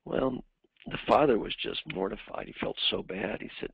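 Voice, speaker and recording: Male executive coach lecturing with stories; husky voice, dry close sound. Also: on the low side, normal speed, no room sound. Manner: animated storyteller who acts out the people in his stories. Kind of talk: lecture with anecdotes. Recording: dry, phone-like narrowband sound.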